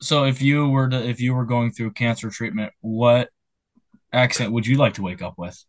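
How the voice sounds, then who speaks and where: A man's voice: medium pitch, fairly even intonation, moderate pace. A young man co-hosting a podcast in casual chat, reading out news stories in a jokey way. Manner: jokey, laughs while talking.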